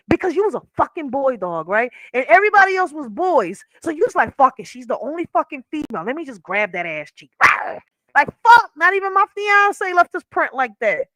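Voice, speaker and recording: A woman chats on her livestream from a chair at home, spinning an animated, profane story and laughing through it. Her voice is bright and slightly high. The sound is dry and close, with no room echo. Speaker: livestream host. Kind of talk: casual livestream chat. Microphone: wearing headphones.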